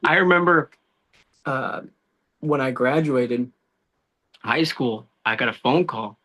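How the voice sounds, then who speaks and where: A man, a law enforcement officer, telling personal stories as a guest in a casual podcast conversation, animated and full of "dude" and "bro.". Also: medium pitch, slow pace. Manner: animated storytelling, says dude and bro a lot.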